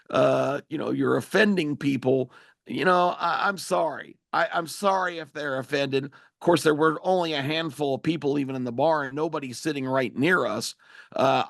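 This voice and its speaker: Male talk radio host, emphatic opinion monologue, gravelly, dry booth sound. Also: fairly high pitch, fairly bright tone, no echo. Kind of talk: political talk radio commentary.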